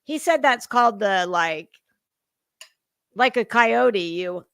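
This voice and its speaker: Sarcastic middle-aged woman commentator, mocking and profane; fairly high voice, dry close sound. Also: animated, takes it slowly, creaky, a bit bright, clean tone, dry recording. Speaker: commentary host.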